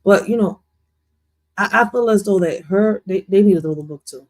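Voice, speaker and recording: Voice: medium pitch, moderate pace, poor audio. A host rambles in casual reaction commentary, using slang and restarting sentences often.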